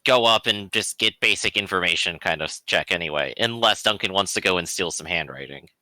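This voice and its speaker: A man's voice: sits low, fairly quick, no room sound. A man playing a tabletop game, casual and joking. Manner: lively, joking. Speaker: player.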